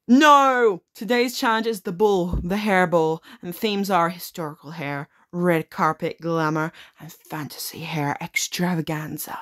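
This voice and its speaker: A woman's voice: lowish voice, fairly even intonation, measured pace, few pauses. A woman playing a simulator game, reading on-screen text aloud and reacting with frequent swearing in casual commentary. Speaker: gaming video creator. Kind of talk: casual let's-play commentary.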